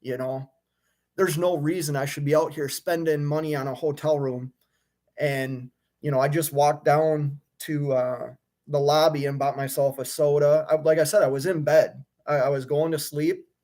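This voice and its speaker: A man's voice: fairly high pitch, steady tone, normal speed, darkish tone. Fed-up trucker man venting on a live stream. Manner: frustrated, fired up, venting with many restarts. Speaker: owner-operator truck driver streaming live. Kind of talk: live stream rant and chat reading. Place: hotel room.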